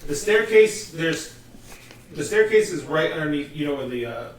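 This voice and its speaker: A man's voice: fairly high pitch, lively intonation, normal speed, recorded from a distance, slight background noise. Man running a tabletop game, echoey room. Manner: rambling, restarts while describing scenes. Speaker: game master. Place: room with several players. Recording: echoey room, mic from afar, group chatter.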